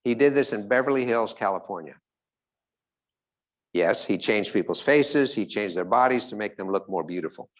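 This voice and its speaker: A man speaking as a motivational speaker, telling stories to a live audience, asking it questions and slowing down on key points. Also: fairly low pitch, expressive.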